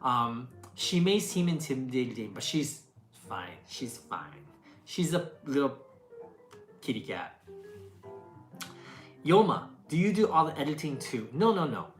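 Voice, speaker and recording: Her voice rumbling low and sing-song, a little slow with frequent pauses, a woman who makes food videos chats through a casual Q&A. Lots of fillers, restarts and laughs come through in an echoey room with faint music behind.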